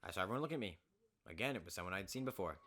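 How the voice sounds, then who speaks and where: A man reading a visual novel aloud as a let's play host, giving the game text a quick, animated delivery. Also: sits low.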